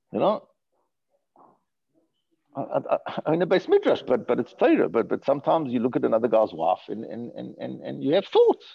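A man teaching a Torah class in an animated way, asking rhetorical questions and often repeating his words. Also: mid-range voice, vocal fry, slightly rough. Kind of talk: Torah lecture. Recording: dull lo-fi recording.

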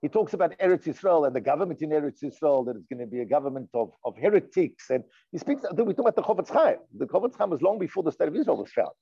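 A man teaches a religious lesson. He is earnest and emphatic and often circles back on his own words. His voice sits a little high with a gravelly edge, and it is captured on a dull, dry, lo-fi recording. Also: big pitch swings, fast, hardly any pauses, mellow, dry recording. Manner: earnest, emphatic, repeats and restarts phrases. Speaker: rabbi teaching a class. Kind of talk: storytelling lesson, reading and translating Hebrew text.

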